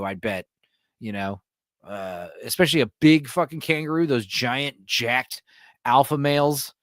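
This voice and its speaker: A man hosting a laid-back late-night livestream, reading viewer messages and going off on rambling, profane tangents. His pitch sits in an ordinary middle range, and he laughs often between thoughts. The recording is dry, with no room sound. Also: fairly bright tone, no echo. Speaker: livestream host reading chat. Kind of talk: casual late-night stream chat.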